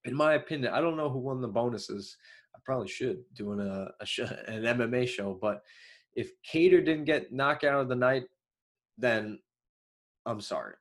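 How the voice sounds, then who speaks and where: A young man with a nasal, choppy Long Island accent talks through fight results on his MMA show. He rambles in loose, filler-heavy commentary. He keeps breaking into sudden excited outbursts. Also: mid-range voice, moderate pace. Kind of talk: solo commentary.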